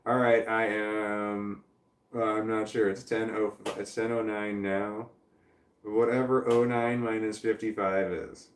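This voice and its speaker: A man's voice: fairly low pitch, little pitch movement, measured pace, echoey room, far from the mic, a little hiss or hum. A man hosting a casual livestream from a chair indoors, rambling and self-deprecating as he answers chat. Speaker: livestream host. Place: indoor room, seated in a creaky chair.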